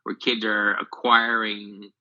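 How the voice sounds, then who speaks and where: A woman's voice: very deep voice, flat delivery, takes it slowly, sharp tone. A woman co-host asking the guest a question. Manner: asks questions. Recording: dull lo-fi audio from a distance.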